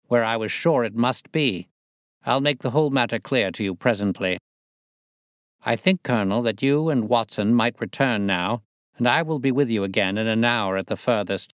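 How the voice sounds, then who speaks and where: A man's voice: medium pitch, normal speed, no room sound, clean studio sound, pitched above the performer's own voice, lightly acted. A man voicing a cool, curt detective. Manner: curt and clipped, calm. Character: sharp, cool-headed male detective. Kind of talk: audiobook reading.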